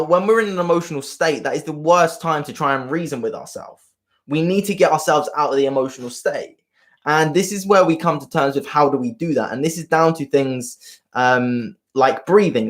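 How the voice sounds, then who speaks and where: A man coaching viewers on a live stream, earnest and rambling, often repeating himself. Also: fairly high pitch. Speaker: self-help coach.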